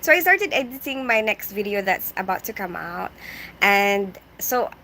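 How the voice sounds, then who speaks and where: A woman's voice: mid-range voice, big pitch swings, moderate pace, gravelly, pushed and bright, a little hiss or hum. A woman in her thirties with a mixed Filipino and British English accent, chatting casually on a livestream, rambling and laughing as she reads comments. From Philippines. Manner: chatty, rambling, laughs often, mixes in Tagalog. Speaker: livestream vlogger. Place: on a bed indoors, keeping quiet. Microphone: phone without headphones.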